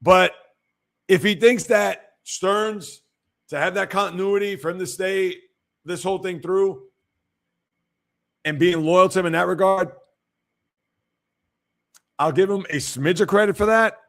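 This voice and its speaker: A man's voice: sits high, unhurried, pauses often, a bit bright. A man hosting a casual sports livestream, giving blunt opinions and reacting to viewer comments. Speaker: sports show host.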